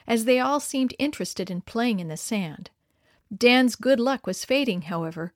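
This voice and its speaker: A woman reading a moral children's story aloud in a measured, expressive way. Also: medium pitch, dry recording, clean studio sound.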